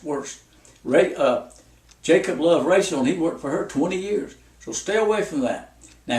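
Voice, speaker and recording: Man, folksy preacher, storytelling sermon, slightly high voice, echoey room, far from the mic. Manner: folksy, repetitive warnings with anecdotes.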